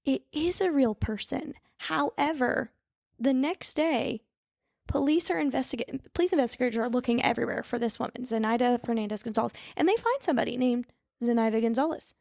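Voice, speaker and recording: A woman's voice: fairly high pitch, lively intonation, fairly quick, creaky, darkish tone, no room sound, clean studio sound. A woman co-hosting a podcast, telling a true-crime story in a chatty, casual way and often stopping to correct herself when she mixes up names. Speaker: podcast co-host.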